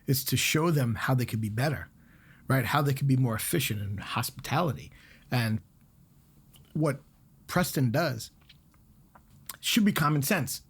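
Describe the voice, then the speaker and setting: A middle-aged man with a husky, slightly rough voice, guesting on a podcast as a chef. He talks bluntly and swears freely. He tells his stories with plenty of animation. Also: medium pitch. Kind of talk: casual podcast conversation.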